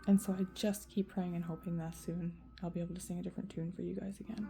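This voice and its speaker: A woman with a gravelly, fry-laden voice pours out a rambling, profane rant to her viewers. Her tone is very dark and mellow, and the pitch sits fairly low. She talks loosely, with many fillers. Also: flat delivery, fast talker, soft background music. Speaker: vlogger. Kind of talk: emotional rant to camera.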